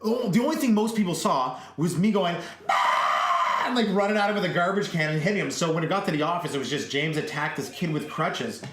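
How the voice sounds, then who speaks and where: A man's voice: on the high side, lively intonation, fast, few pauses, fairly bright tone, reverberant. A young man from Canada co-hosting a podcast, telling crude rambling stories in casual chat and laughing often. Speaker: podcast co-host.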